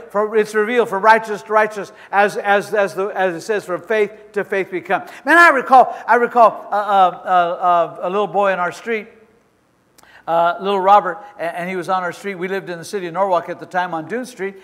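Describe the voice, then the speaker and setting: A man pastor delivering a sermon in a church, preaching with passion that swells into shouts, with halting restarts while he tells a story. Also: sits high, fairly even intonation. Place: church sanctuary with a responding congregation. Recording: long reverb of a church hall.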